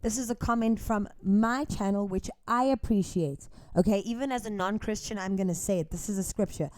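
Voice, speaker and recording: A woman's voice: mid-range voice, normal speed, darkish tone, no room sound. A South African woman delivers commentary to her viewers in a firm, emphatic way. Her accent is South African, and she keeps checking in with "okay?". The recording is close and dry, with little room sound. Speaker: YouTube commentator. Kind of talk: direct-to-camera commentary.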